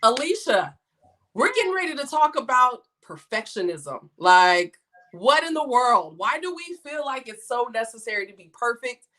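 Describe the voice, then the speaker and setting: Woman livestream host, upbeat and chatty, slightly high voice. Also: very animated, normal speed, a bit bright. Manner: chatty, hypes guests and reads out comments. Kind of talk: casual livestream chat.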